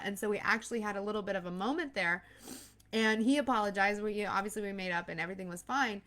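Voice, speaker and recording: Here a pregnant mindset coach and host, a woman in her thirties, talks quickly in a mid-range, fairly bright voice. The motivational talk is earnest but casual, with frequent impersonations of anxious inner voices.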